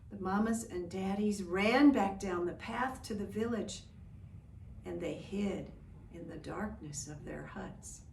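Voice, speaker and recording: A woman telling a folk tale for children, slow and expressive, inviting listeners to join in. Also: mid-range voice, creaky. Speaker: storyteller. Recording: echoey room, distant mic, faint hiss.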